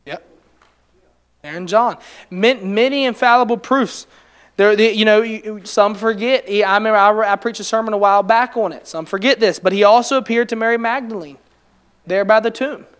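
A man's voice: high-pitched, moderate pace, a bit bright, clear, resonant tone. A man preaching a conversational sermon, asking his congregation questions and building to emphatic, rising passages. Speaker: preacher leading a Bible study.

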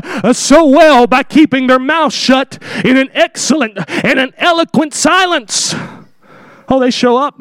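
A man delivering a fervent sermon in a very high voice, building to shouted scripture readings in old-fashioned wording. The sound is dry and close, with no room echo. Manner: impassioned, rising to shouts on scripture. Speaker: preacher.

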